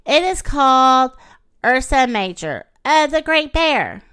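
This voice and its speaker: A woman voicing a calm planetarium guide who explains the star pictures in a children's storybook reading. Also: high-pitched, slow, clear, resonant tone, exaggerated voice.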